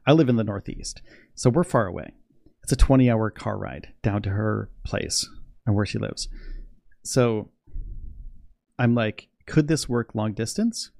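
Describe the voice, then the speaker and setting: A young man chatting casually on a livestream, rambling and excitable, laughing often. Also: fairly low pitch, measured pace, creaky, pauses often, no room sound, clean studio sound. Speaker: space news livestreamer.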